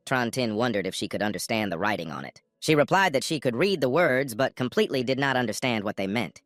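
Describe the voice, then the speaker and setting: A man's voice: medium pitch, very animated, fast, hardly any pauses, fairly bright tone, dry recording, clean studio sound. A man narrating a comic story recap in a scripted way, jumping into character lines now and then.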